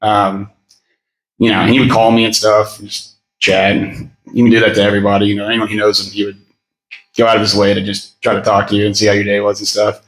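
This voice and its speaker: Man at a memorial, rambling anecdotes, bright voice, echoey room. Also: fairly low pitch, completely flat delivery, fast. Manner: rambling and storytelling, with laughter and many fillers. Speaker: eulogy speaker. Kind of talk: memorial speech with personal stories.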